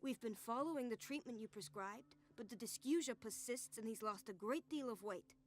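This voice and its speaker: An actress playing a brisk, officious hospital nurse who speaks formally. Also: female voice, on the high side, natural voice. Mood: briefing.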